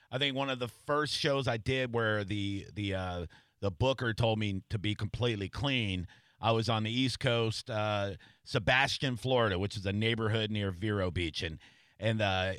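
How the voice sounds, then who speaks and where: A man hosting a radio show, with a bright, forceful voice. He rambles through casual stories with plenty of restarts and fillers. The sound is dry and close. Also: lowish voice, dry recording. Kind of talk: casual radio interview chat.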